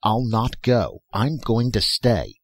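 A desperate young man in love pleads urgently, his voice lowish and a bit husky, as the reader acts him out. It is an audiobook scene, recorded dry and close. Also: lively intonation, moderate pace, a little mellow, no echo.

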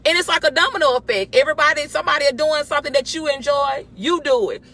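A woman giving a lively, exhorting devotional while driving, recorded on a phone in her car. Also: high voice, quick pace. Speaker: church member giving a devotional. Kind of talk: casual spoken devotional.

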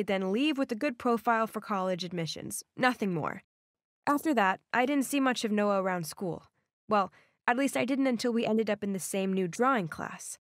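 A woman narrating a first-person animated story in a scripted, expressive way. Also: fairly high pitch, no echo, clean studio sound.

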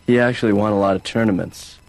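A man voicing the deadpan, idle adult son in an animated sitcom, talking in a flat, sarcastic way. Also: on the low side, quick pace, no echo, lightly acted. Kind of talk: dry animated sitcom dialogue.

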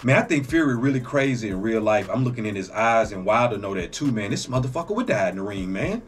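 A man hosting a reaction video, talking casually, excitable and profane, exclaiming often. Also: fairly low pitch, fast, faint music behind.

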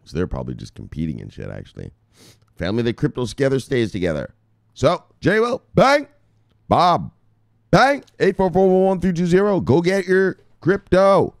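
A middle-aged man talking excitedly as a crypto news vlogger, cursing and shouting shout-outs to viewers. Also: medium pitch, fast, gravelly, no echo, clean studio sound. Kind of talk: casual hyped-up commentary.

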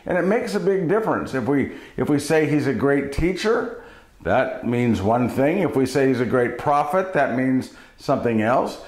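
A man's voice: mid-range voice, sing-song, normal speed, darkish tone. A man giving a daily spiritual reflection as a preacher, telling stories and reading scripture in a folksy, conversational way. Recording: roomy echo.

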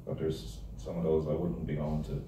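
A man's voice: very deep voice, monotone, normal speed, background noise. A man giving a rambling, joke-filled talk to a club, often restarting his sentences. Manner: rambling, joke-telling, self-interrupting. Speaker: guest speaker. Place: club meeting room. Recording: echoey room, distant mic.

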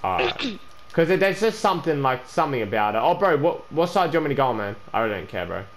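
A young man with a fairly high, very animated voice chats casually while gaming, tripping over his words and repeating himself. He peppers nearly every sentence with "bro" and "man". A faint noise sits behind his voice. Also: fast. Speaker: gaming YouTuber. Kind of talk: casual gaming chat during a prank trade.

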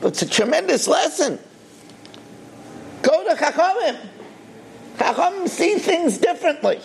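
A rabbi telling a story in a sermon, with an animated, emphatic delivery and swooping pitch. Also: male voice, unhurried, gravelly, slight background noise.

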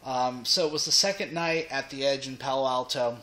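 A man in his thirties telling a story in a casual vlog, rambling with many fillers and restarts, and getting loud and excited as he retells it. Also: mid-range voice, a little fast. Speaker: vlogger.

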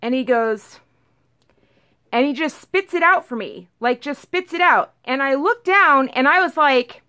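Woman vlogger, slightly high voice, chatty storytime, rambling, lots of acted-out quotes. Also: unhurried. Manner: rambling, animated retelling full of "like" and acted-out quotes. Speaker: vlogger telling a storytime about her cat. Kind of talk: casual storytime chat.

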